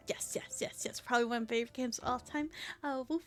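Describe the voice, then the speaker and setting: Excitable high-voiced woman streamer. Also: quick pace, soft background music. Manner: excitable, swears, repeats a woof. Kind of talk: casual live stream chat.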